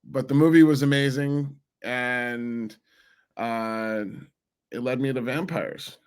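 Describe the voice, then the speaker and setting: Man, forties, from New Jersey, animated, rambling, restarts a lot, average pitch. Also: slow pace, clear, resonant tone. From New Jersey, USA. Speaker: guest. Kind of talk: casual interview storytelling.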